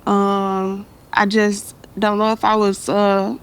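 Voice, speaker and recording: A young woman, chatting casually as an interview guest, relaxed and slangy, laughing often. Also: medium pitch, takes it slowly, clear, resonant tone. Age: young adult.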